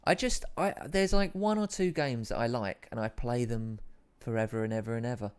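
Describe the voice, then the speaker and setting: A man's voice: medium pitch, normal speed, smooth. A man hosting a live stream, chatting casually with viewers and reading out their comments, with a rambling, self-deprecating manner.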